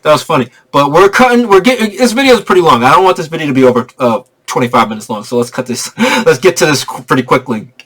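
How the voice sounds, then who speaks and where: A man rambles through a spoiler-filled movie review in a casual vlog. His fairly high-pitched voice is loose and slangy, full of restarts, and he keeps breaking into laughter as he gets excited. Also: quick pace.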